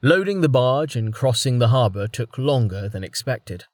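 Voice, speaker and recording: A man reads a fantasy audiobook with a lively, rising-and-falling delivery at a mid pitch. The sound is close-miked and completely dry. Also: moderate pace, no room sound. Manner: expressive storytelling. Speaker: audiobook narrator. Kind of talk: audiobook narration.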